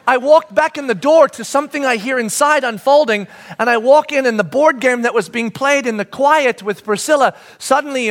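A man's voice: very high voice, a bit bright. A middle-aged man preaching a sermon, telling a family story with lots of energy and acting out his children's voices. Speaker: pastor.

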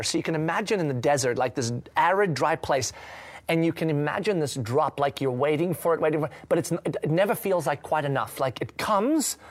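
A man giving a reflective faith talk, earnest and searching, sometimes dropping to a hushed voice. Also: fairly high pitch, animated, brisk. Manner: earnest, searching, many fillers and restarts, drops to a hushed voice at times. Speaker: speaker sharing a devotional reading.

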